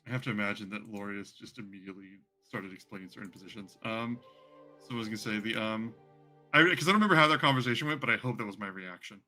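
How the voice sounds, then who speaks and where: A man's voice: on the low side, fast, sharp tone, soft background music. A man running a tabletop game as game master, talking in a rambling way with many fillers.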